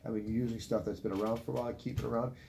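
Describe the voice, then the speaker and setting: Fast-talking man hosting radio. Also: mid-range voice, gravelly. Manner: animated, laughs, does quick voices in stories. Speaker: radio show host. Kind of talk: casual radio chat. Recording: faint ambient noise.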